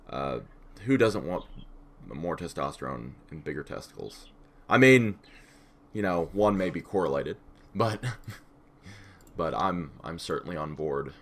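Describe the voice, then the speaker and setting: A man co-hosting a casual podcast, scattered and profane, with vocal fry. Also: low voice, animated, measured pace, long pauses, fairly bright tone. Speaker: podcast co-host.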